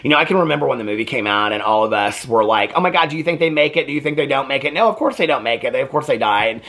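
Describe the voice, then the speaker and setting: A man's voice: medium pitch, expressive, very fast, a bit bright. A man in his fifties hosting a casual movie review vlog, talking in a chatty, rambling and heartfelt way. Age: 50s. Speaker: host.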